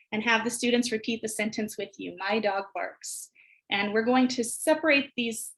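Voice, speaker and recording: Brief: American woman teacher, somewhat high voice, patient and clear, slows way down to model words. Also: poor audio. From United States. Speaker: teacher presenter. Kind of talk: instructional webinar walkthrough.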